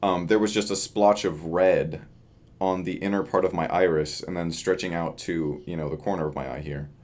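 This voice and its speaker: A man's voice: deep voice, fairly even intonation, normal speed, a little mellow. A tired young man chatting loosely in a casual video diary, with lots of fillers. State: tired from lack of sleep. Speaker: vlogger. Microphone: camera facing him.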